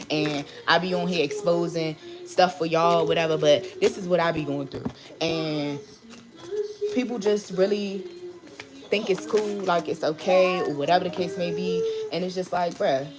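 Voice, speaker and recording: A woman's voice: on the low side, moderate pace, music in the background. A woman, a tarot reader hosting her channel, rants to her viewers in a blunt, heated way, swearing often and repeating herself. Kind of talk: casual ranting vlog.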